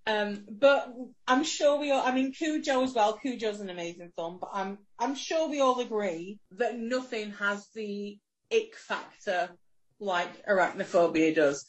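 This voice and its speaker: A woman's voice: medium pitch, measured pace. A woman co-hosting a podcast in casual chat, laughing often and swearing playfully. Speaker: podcast co-host.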